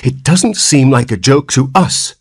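Man doing a stern female nurse, severe, insistent, raised pitch, dry. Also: wildly swooping pitch, measured pace, husky, no echo, full character voice.

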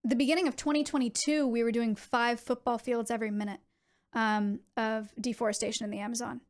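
Speaking in a fairly high voice, a young woman streams and talks with her viewers in a lively, casual way, dropping quick asides as she goes.

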